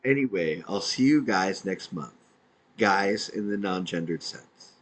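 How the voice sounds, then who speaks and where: A man's voice: low voice, animated, measured pace, fairly bright tone, rough recording. A man, an independent podcaster, reading out his own messages in a dry, matter-of-fact way.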